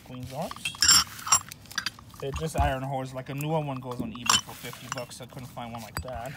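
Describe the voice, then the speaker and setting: Man muttering labels over loud clinking. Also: mid-range voice, flat delivery, moderate pace. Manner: reads out labels in short bursts, mumbling asides. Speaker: vlogger showing a collection. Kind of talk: casual off-the-cuff commentary. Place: indoors at a shop. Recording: loud clinking and handling noise.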